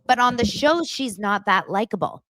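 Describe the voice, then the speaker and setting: A woman's voice: a little high, lively intonation, moderate pace, a bit bright, dry recording. A young woman hosting a podcast, chatting casually and retelling reality-show scenes with lots of fillers. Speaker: podcast host. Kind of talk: casual pop-culture chat.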